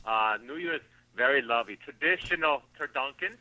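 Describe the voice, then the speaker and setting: Brief: male comic as a rambling addict in a radio comedy bit, bright, animated, edging into an Italian-style accent. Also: medium pitch, moderate pace, poor audio. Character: rambling drug-addicted man, wife after alimony.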